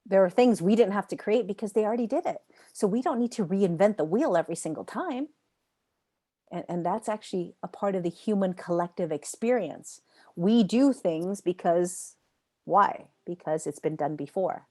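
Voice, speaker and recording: A woman's voice: medium pitch, animated, moderate pace, a little mellow. A woman teaching a live online yoga training class. She talks in an emphatic, chatty way, repeats phrases for effect and answers students' typed questions by name.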